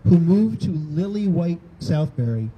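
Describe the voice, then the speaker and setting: A man's voice: fairly high pitch, animated, a little slow, muffled recording, a little hiss or hum. An older man, a rally organizer, speaking conversationally to a crowd outdoors and acting out quoted exchanges. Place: outdoors on a town green.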